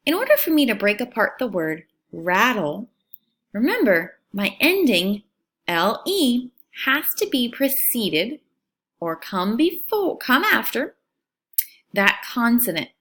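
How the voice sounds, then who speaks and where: A woman teacher giving a recorded phonics lesson for young children, speaking clearly and stretching out words. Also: on the high side, a bit bright. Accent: American.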